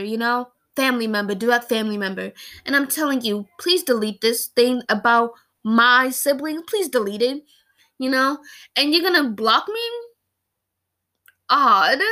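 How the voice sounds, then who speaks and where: A woman in her early twenties talks casually to camera about a personal loss, rambling and emotional, with many fillers and restarts. Her voice sits high and has a sharp tone.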